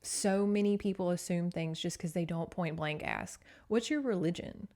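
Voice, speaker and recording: A woman's voice: lowish voice, moderate pace, a little mellow. A woman hosting a podcast, casually recapping a novel with sass and swearing. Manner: chatty, sassy, swears freely. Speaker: podcast host.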